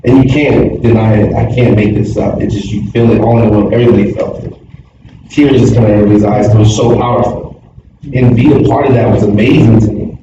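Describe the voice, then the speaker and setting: A man's voice: lowish voice, fairly even intonation, fast. A middle-aged man earnestly sharing his reflections with a church group, rambling with many fillers. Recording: echoey room from far, dull sound, noisy.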